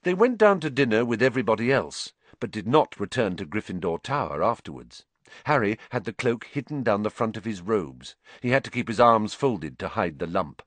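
A man narrating a storybook as an audiobook. His voice sits fairly low, and the reading is lively, expressive and dramatic. The sound is dry and close. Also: normal speed, dry recording.

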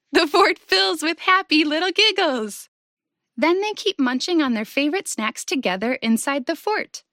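A woman reading a children's story aloud in a gentle, sing-song way, speaking to young listeners. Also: sits high, sing-song, measured pace, dry recording, studio quality.

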